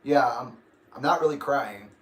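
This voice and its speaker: A man's voice: medium pitch, moderate pace. A young man hosting a casual livestream, rambling and grumpy, laughing often. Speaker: livestream host. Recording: echoey room.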